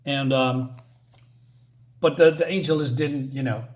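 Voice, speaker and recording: A man's voice: medium pitch, steady tone, measured pace. A man casually reviewing a comic book, rambling and hesitant, full of fillers and restarts.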